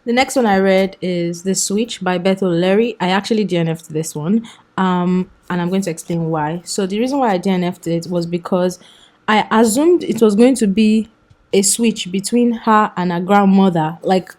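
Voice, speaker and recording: A woman's voice: mid-range voice, a little mellow. A young woman chatting enthusiastically through a casual book review vlog, often laughing.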